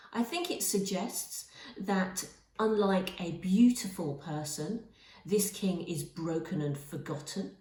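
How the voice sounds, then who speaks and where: A woman teaching a lesson on a poem, speaking in a measured way and stressing key words. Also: lowish voice, a little mellow. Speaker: English literature teacher. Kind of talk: poetry lesson. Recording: roomy, from a distance.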